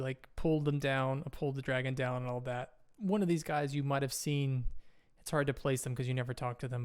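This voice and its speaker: A man's voice: mid-range voice, clear, resonant tone. A man narrating as game master in an easygoing, descriptive manner.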